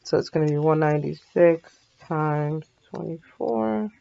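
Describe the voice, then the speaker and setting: A woman's voice: sits low, a little slow, vocal fry, mellow, highs cut off. A woman math teacher talking through a recorded lesson in a sleepy, yawning, casual way, often stopping to apologize and correct herself.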